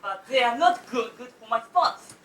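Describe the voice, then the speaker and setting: A student actor playing a sulky teenage boy in an amateur stage play, giving flat replies. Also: medium pitch, moderate pace, background noise, natural voice. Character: teenage boy worried about his spots. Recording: echoey theatre from far off.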